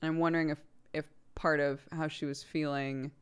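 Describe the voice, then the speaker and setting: Chatty young woman streamer, low smooth voice. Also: level tone, fairly quick. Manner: chatty, rambling with fillers, laughs often. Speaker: streamer host. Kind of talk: casual chat with stream chat.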